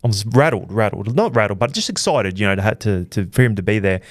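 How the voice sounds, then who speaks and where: A young Australian man hosting a boxing channel, rambling through an excitable, self-deprecating recap of fight week. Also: lowish voice, a little fast, no echo, clean studio sound. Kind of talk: casual storytelling recap.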